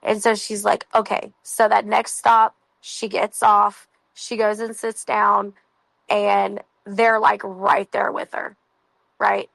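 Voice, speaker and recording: Woman vlogger, casual storytelling, gravelly fry in her voice, dry close sound. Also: medium pitch, completely flat delivery, a bit bright, no echo, rough recording. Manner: chatty retelling of a story, heavy use of "like", quick asides.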